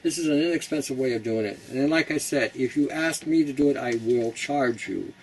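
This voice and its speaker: A man's voice: mid-range voice, brisk, a little hiss or hum, rough recording. A man hosting a casual how-to talk, chatty and blunt, laughing at his own jokes. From Canada. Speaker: host.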